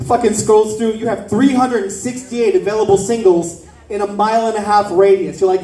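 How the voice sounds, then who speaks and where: A man from South Florida doing a stand-up comedy set, riffing brashly and profanely with quick asides to the crowd. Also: sits high, fairly even intonation, dark tone, reverberant, far from the mic, poor audio. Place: comedy club stage.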